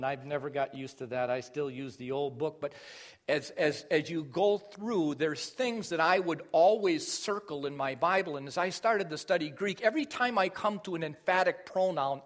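A middle-aged man preaching a sermon, explaining scripture and rising in force on key phrases. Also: on the high side. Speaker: pastor.

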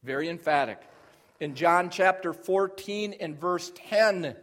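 A man's voice: high voice, unhurried, fairly bright tone. A middle-aged man preaching a sermon, explaining scripture and rising in force on key phrases. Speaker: pastor.

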